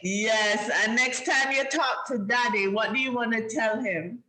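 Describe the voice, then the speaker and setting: A Jamaican woman hosts a children's program over a video call. Her voice is bright and clear, and she talks in an encouraging, teacherly way, laughing often. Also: a little high, unhurried. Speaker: host of a children's show. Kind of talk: lively chat with kids on a video call.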